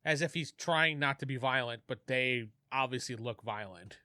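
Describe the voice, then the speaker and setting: A man working as game master, narrating a tabletop game in a relaxed, quick way. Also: medium pitch, dry recording, clean studio sound.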